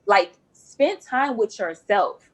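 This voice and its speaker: A woman's voice: medium pitch, lively intonation, slow pace, poor audio. A woman nurse speaking as a guest on a podcast, earnest and repeating phrases for emphasis. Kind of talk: podcast interview.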